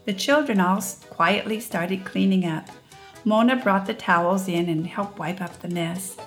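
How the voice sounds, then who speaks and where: A woman narrating a children's storybook in a gentle, expressive way. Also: mid-range voice, normal speed, soft background music.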